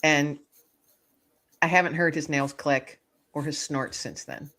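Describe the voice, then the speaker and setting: Woman guest on a chat show, lowish voice, tells her story with lots of feeling and acts out the voices. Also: measured pace. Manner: animated storyteller acting out quotes. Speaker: guest author. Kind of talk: casual interview storytelling.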